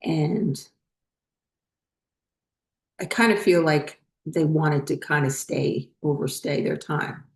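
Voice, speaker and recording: Low-voiced woman telling a personal story. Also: slow pace, long pauses, roomy sound. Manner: rambling, many fillers and restarts. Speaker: spiritual channel host.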